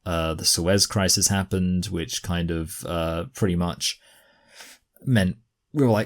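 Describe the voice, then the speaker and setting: A young man talks through his reaction commentary in a lowish voice. He rambles with plenty of fillers and slides into exasperation. The talk is loose and unscripted. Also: fairly even intonation, unhurried.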